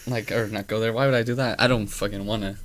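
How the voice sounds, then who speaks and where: A man's voice: lowish voice, steady tone, fast talker, a bit bright, slight background noise. A young man co-hosting a podcast, chatting casually, joking and swearing freely. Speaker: podcast co-host.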